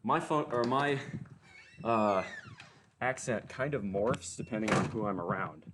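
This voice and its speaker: A man's voice: lowish voice, measured pace, fairly bright tone, recorded from a distance, a little hiss or hum. Southern guy rambling and cussing between lifts, real echoey room, mic way off. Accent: mild Southern US. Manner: rambling, profane, joking. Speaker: lifting vlogger. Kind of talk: casual gym chat. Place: gym.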